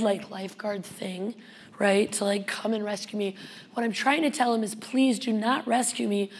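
A young adult woman speaking at a conference, telling a lively personal story and acting out the voices of the people in it. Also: on the high side, a little hiss or hum. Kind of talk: storytelling keynote talk.

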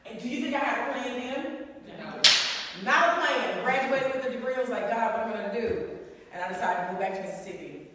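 Animated woman speaker in echoey hall. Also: a little high, fairly quick, heavy background noise. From Southern US. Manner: animated storytelling, acts out voices, laughs often. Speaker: motivational speaker. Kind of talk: motivational talk. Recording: echoey hall, mic far off.

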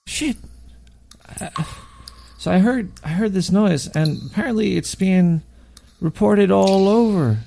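Gravelly, paranoid-sounding male show host. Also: high voice, a little slow, dark tone, slight background noise. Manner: profane, stammering, paranoid. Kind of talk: rambling conspiratorial monologue.

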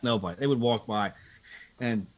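A man from Pennsylvania, a guest on a live video call talk show, telling animated, profane anecdotes in a casual way. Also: fairly low pitch, moderate pace. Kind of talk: casual storytelling chat.

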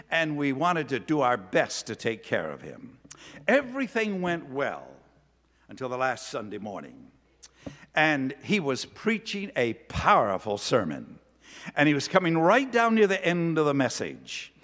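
A man preaching a sermon, telling a story in an animated, earnest way. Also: mid-range voice. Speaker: pastor. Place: church sanctuary. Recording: long church reverb.

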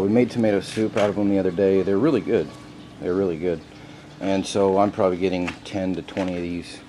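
A man with a deep, low voice talks casually and rambles as he walks through his garden, swearing offhandedly. Outdoor noise sits clearly behind him. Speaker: home gardener showing his plants. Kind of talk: casual walkthrough vlog. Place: outdoors by a garden in front of a house.

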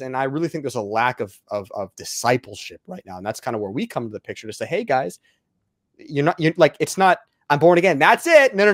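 A man's voice: fairly high pitch, dry recording, studio quality. A young man, an evangelist and guest, talking bluntly and emphatically, as if preaching. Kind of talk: casual interview talk.

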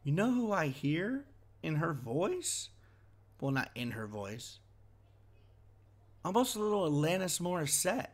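A man's voice: fairly high pitch, sing-song, unhurried, pauses often. A man chatting casually as he reacts to a concert video, wondering aloud and easily impressed.

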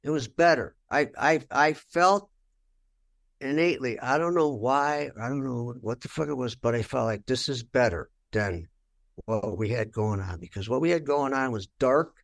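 An aging rock guitarist, interviewed candidly, speaks at medium pitch and normal speed with vocal fry. His stories come out bluntly and full of swearing, and he acts out his old remarks.

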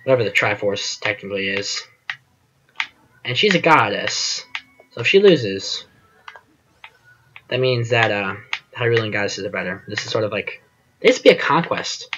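A man's voice: fairly low pitch, big pitch swings, normal speed, long pauses, dull audio, noisy background. A man giving casual gameplay commentary as host of his channel, rambling and self-deprecating, often trailing off with fillers.

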